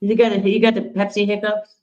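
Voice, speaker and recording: A woman guest in a casual video-call chat, plainspoken and lively when explaining. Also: mid-range voice, fast talker, lo-fi sound.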